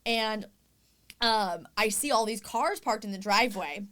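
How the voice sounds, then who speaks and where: A woman's voice: mid-range voice, a little slow, a bit bright. A woman co-hosting a podcast, telling a story in casual chat, gushing and quoting herself in dialogue. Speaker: podcast co-host.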